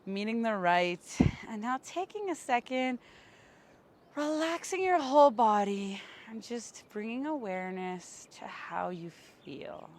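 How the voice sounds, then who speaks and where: A woman with a slightly high voice leads a yoga and breathwork class in slow, gentle, soothing cues. She is recorded outdoors in the sun on a camera mic. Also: expressive, a little hiss or hum. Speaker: yoga teacher. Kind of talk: guided yoga and breathwork instruction.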